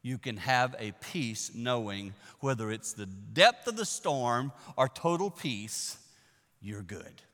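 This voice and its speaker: A man preaching a sermon, telling the story in an animated way that swings from hushed to loud. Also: medium pitch, takes it slowly. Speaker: pastor. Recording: echoey hall.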